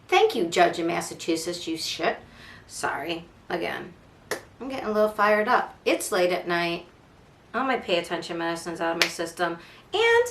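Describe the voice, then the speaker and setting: Fired up sarcastic woman ranting on a crime podcast, kinda high voice, echoey room. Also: a bit bright. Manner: sarcastic, fired up, swears and mocks. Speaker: podcast host. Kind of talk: casual true crime commentary.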